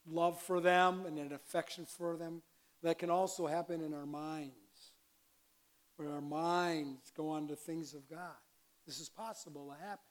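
A man preaching a conversational sermon as a pastor, with sudden bursts of loud emphasis. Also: a little high.

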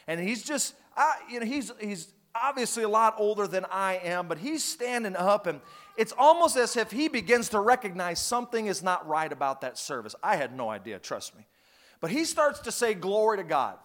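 A man preaching a sermon, telling a story and rising to loud, fervent bursts. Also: high voice, very animated, moderate pace.

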